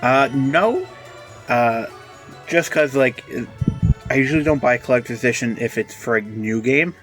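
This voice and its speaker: A man's voice: medium pitch, a little slow, fairly bright tone, faint music behind. A man co-hosting a podcast, chatting casually and hesitantly, with lots of fillers. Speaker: podcast co-host. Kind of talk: casual chat.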